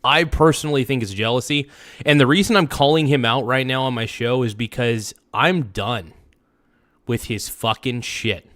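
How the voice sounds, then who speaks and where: A man streaming live, venting angrily at a friend, swearing, repeating himself and swinging from low mutters to sudden outbursts. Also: moderate pace, fairly bright tone. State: upset. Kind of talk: angry live-stream rant.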